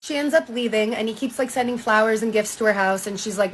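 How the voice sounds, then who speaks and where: A woman's voice: mid-range voice, fairly even intonation, quick pace, hardly any pauses, a little hiss or hum, rough recording. Breezy woman recapping a book casually. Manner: breezy and gossipy, acting out quotes.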